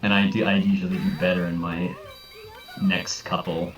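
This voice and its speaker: A man's voice: low-pitched, flat delivery, normal speed, faint music behind. A man co-commentating on a puzzle game in a hesitant way, often stammering and restarting. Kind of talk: casual esports commentary. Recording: roomy distant mic.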